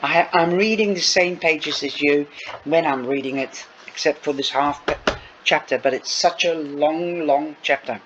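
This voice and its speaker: A man with a fairly high voice reads a novel slowly and deliberately, stopping now and then for chatty asides to his listeners. The recording is dull and lo-fi, with a faint hiss behind it. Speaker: reader. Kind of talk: audiobook reading with asides.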